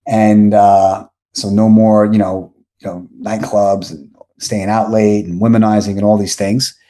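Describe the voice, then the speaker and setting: A podcast guest in his forties talks at a measured pace in a lowish voice, spinning a long, meandering anecdote. He corrects himself often, but the casual story stays animated throughout.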